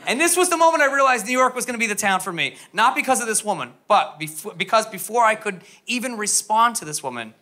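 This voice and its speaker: A man's voice: high-pitched, sing-song, quick pace, few pauses, sharp tone. A young man from the US East Coast doing stand-up comedy, rambling and self-mocking with lots of fillers and tag questions.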